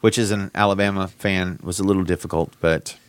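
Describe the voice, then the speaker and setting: A man's voice: deep voice, fairly even intonation, fairly quick, clear, resonant tone, no room sound. A man co-hosting a casual church podcast, chatting easily and chiming in with short agreements. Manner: easygoing, brief agreeing interjections. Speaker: podcast host.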